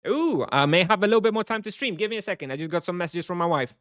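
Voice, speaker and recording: A man's voice: sits high, lively intonation, rapid-fire, fairly bright tone, dry recording. Chatty live-streaming man, dry close sound. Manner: rambling, reads chat aloud and answers. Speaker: game streamer. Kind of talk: casual live-stream chat.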